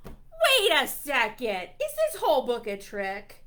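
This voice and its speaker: For a group of young children at storytime, a woman librarian reads a silly book in a slow, high voice with a sharp tone and huge pitch swings. Her delivery is playful, full of mock-indignant responses to the text.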